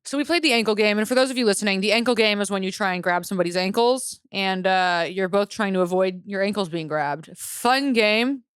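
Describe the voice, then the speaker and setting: A woman's voice: mid-range voice, fairly quick, few pauses, fairly bright tone, clean tone, no room sound, clean studio sound. A young woman co-hosting a podcast in casual chat, blunt and jokey with lots of swearing. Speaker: podcast co-host.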